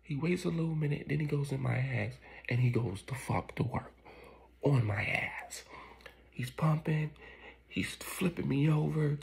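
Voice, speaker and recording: A man's voice: on the high side, measured pace, creaky, darkish tone, husky, exaggerated voice. A man putting on the voice of a blunt older woman who overshares gossip about her husband, in a raised, half-whispered voice. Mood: gossipy.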